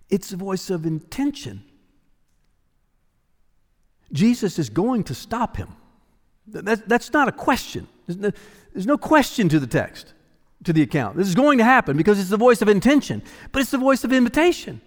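Lively-voiced man preaching in a reverberant hall. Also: sits high, moderate pace. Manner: dramatic preaching, dropping to near-whispers for emphasis. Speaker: pastor. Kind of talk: expository sermon.

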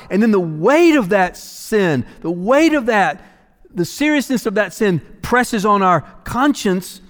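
A man preaching a sermon as pastor, emphatic, repeating phrases for weight and moving between hushed and raised delivery. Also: high-pitched. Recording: long reverb of a large hall.

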